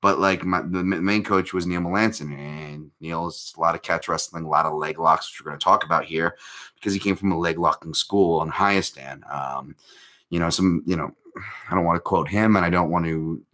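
A man's voice: deep voice, fairly even intonation, brisk, bright, forceful tone. A man hosting a live MMA chat, talking casually in a rambling, self-interrupting way with lots of fillers and self-deprecating jokes.

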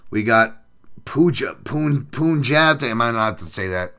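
A man's voice: medium pitch, expressive, normal speed, fairly bright tone. A man hosting a podcast, giving betting picks in loose, profane, sarcastic banter and reading out the chat. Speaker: podcast host making fight picks. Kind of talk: casual profane livestream chat.

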